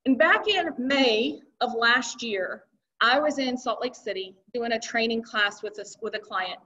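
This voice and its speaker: A woman's voice: a little high, unhurried, pushed and bright, recorded from a distance. A woman giving a conversational motivational talk to a live audience, with rhetorical questions and emphatic delivery. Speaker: keynote speaker. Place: event hall with audience. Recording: dull lo-fi recording.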